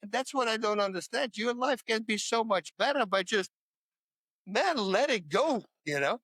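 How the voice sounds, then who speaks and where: A man's voice: high voice, lively intonation, normal speed, fairly bright tone, no room sound. A man talking as a podcast guest in a casual interview about faith, pressing his points home with repetition. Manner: emphatic, repeats points to hammer them home.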